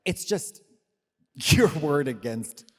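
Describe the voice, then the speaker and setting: A man's voice: on the high side, lively intonation, extremely slow, a little mellow. A man co-hosting a live comedy podcast on stage, rambling with lots of fillers and swearing. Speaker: co-host. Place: live stage show in a venue. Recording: reverberant live venue, faint noise.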